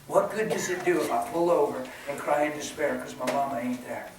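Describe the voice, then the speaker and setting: A man preaches, his voice a little high for a man. He moves from hushed, near-whispered lines to loud, excited bursts. He is recorded from a distance in a big, echoing church hall with faint noise behind. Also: a little fast, crowd noise. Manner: passionate, swings from hushed to shouting. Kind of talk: sermon. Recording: echoey hall, voice from far off.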